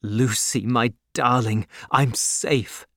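A man reading a story and voicing a composed young nobleman who answers in a measured, earnest way. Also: mid-range voice, fairly even intonation, fairly bright tone, no room sound, clean studio sound. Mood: tender.

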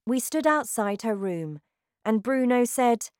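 A woman reading a storybook aloud at an unhurried, deliberate pace. Her fairly high voice moves through a wide, lively melody. The recording is dry and close. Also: dry recording. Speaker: storybook narrator. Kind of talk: scripted narration.

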